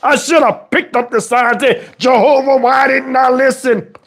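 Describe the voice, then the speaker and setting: A man's voice: very high-pitched, fairly even intonation, moderate pace, exaggerated voice. A man playing a preachy, outraged elderly father who scolds and swears in a comedic rant. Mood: indignant. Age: older. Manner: exasperated scolding, preachy, swears, shouts at times.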